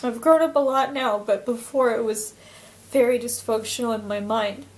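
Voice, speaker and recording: A woman's voice: on the high side, moderate pace. A woman vlogger telling a personal story in an earnest, emotional way, faltering and restarting often.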